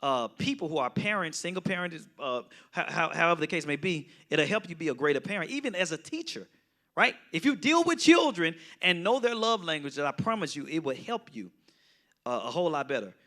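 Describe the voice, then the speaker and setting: A man's voice: fairly high pitch, big pitch swings, fairly quick, pushed and bright. A man, a pastor teaching a Bible study in a conversational way, often checking in with the listeners. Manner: conversational, often asks the audience "right?".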